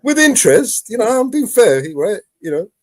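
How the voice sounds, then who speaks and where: A man's voice: very high-pitched, sing-song, moderate pace, a little mellow, dry recording. A man hosting a live stream, chatting casually and sarcastically, laughing and swearing often.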